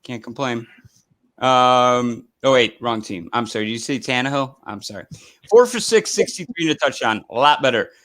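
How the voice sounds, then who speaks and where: A man's voice: medium pitch, animated, normal speed, a bit bright, dry recording, rough recording. A man hosting a casual live stream, chatting in a rambling way with lots of fillers and restarts. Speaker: host.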